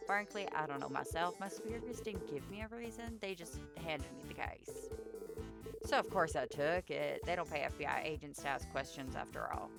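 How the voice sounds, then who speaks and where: A woman voicing a pompous, arrogant male FBI agent in a put-on Southern accent, talking down to everyone in a brisk, boastful way. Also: sits low, gravelly, loud music behind the voice. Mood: smug.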